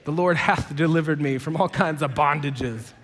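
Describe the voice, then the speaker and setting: A man's voice: a little high, moderate pace, fairly bright tone, slight background noise. A male pastor preaching a sermon in a casual, conversational, humorous way. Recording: long hall reverb.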